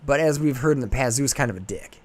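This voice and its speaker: A man hosting a podcast, retelling a myth in rambling, animated casual chat. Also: mid-range voice, fast. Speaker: podcast host.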